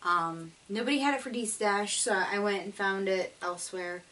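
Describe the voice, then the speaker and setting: A woman's voice: mid-range voice, normal speed, a bit bright, recorded from a distance, rough recording. A woman hosting a knitting video podcast, talking in a chatty, rambling way with lots of fillers. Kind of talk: casual chat.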